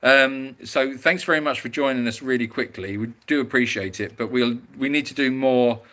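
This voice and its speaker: A man's voice: mid-range voice, normal speed, a bit bright. A man hosting a casual live stream from home, chatting and reading out viewer comments in a rambling way. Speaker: animal sanctuary host reading live comments. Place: at home, moving about the house.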